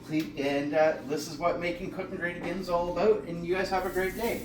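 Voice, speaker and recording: A man chats his way through a recipe in a home kitchen, relaxed and conversational. He sits back from the mic, so the room rings around him. Dishes and pans clatter behind his voice. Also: high-pitched, brisk. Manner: relaxed, chatty explaining while cooking. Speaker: home cooking channel host. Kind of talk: casual cooking demonstration. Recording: echoey kitchen, distant mic, noisy. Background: pots, pans and dishes clattering.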